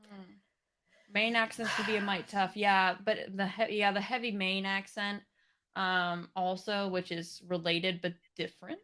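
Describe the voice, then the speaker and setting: A woman's voice: mid-range voice, a little slow. A woman from New England co-hosting a podcast, joking and chatting casually. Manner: jokey, lively storyteller. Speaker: podcast co-host. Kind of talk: casual chat.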